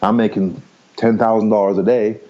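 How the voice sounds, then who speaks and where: Speaking at normal speed with a fairly low pitch, this man delivers his words flatly, and the audio is dull. He's a podcast guest in his fifties telling his life story candidly and ramblingly, swearing casually and quick to laugh.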